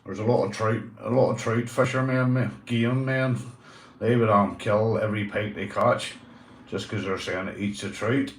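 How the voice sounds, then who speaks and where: In an echoey room, a man with a Northern Irish accent and a lowish voice hosts a casual livestream at a moderate pace with fairly even intonation. He reads out comments, swears, and calls his viewers mate.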